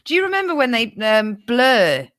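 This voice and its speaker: A woman's voice: on the high side, big pitch swings, moderate pace, fairly bright tone, no room sound, studio quality. A young woman co-hosting a comedy podcast, chatty and joking, swearing and laughing a lot. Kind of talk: casual comedic banter.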